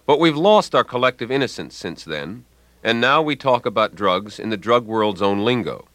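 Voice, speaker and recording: A man reads a scripted radio commentary with a dry, ironic wit. His pitch rises and falls with lively movement. The studio sound is close and dead, with no room at all. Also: moderate pace, no room sound. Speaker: language commentator.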